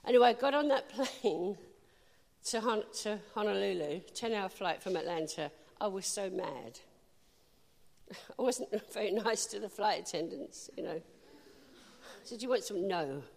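In a large hall, a woman preaches a sermon, telling a personal story in a lively, animated way punctuated by bursts of laughter. Her voice is medium in pitch with vocal fry, and she speaks a little slowly.

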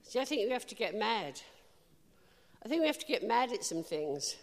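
A woman preaching a sermon, telling a personal story with lively, animated delivery and bursts of laughter. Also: a little high, normal speed, big-room sound.

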